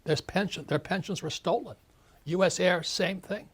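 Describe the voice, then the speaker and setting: An older author in his seventies rants emphatically as an interview guest, voicing the people he quotes. He speaks at a normal speed in a husky voice that sits high.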